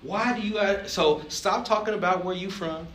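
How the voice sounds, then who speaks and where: A man's voice: sits high, normal speed, fairly bright tone, a little hiss or hum. A man from Alabama, preaching a sermon as pastor, emphatic and joking, asking the congregation questions. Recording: roomy, distant mic, faint ambience.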